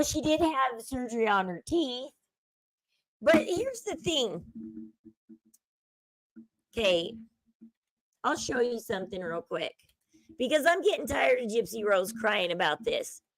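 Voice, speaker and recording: A woman's voice: a little high, sing-song, takes it slowly, pauses often, dry recording, low-quality recording. A woman streamer giving emphatic true-crime gossip commentary, repeating points and lecturing her viewers.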